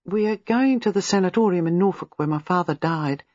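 A reader voicing an impulsive young wife who speaks breathlessly. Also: female voice, on the low side, a little fast, darkish tone, no echo, highs cut off, voice pushed up, close to an everyday voice. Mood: earnest.

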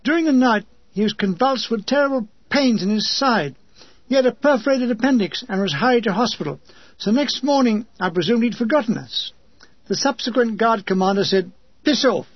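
A man narrates a memoir with dry, deadpan humour. His voice is high and husky. The recording sounds dull and lo-fi, with a close, dry sound. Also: no room sound. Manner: dry comic storytelling.

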